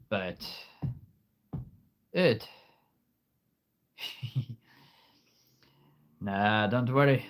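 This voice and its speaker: A man with a sore throat hosting a casual livestream chat in an easygoing way. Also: on the low side. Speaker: livestream host. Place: home livestream.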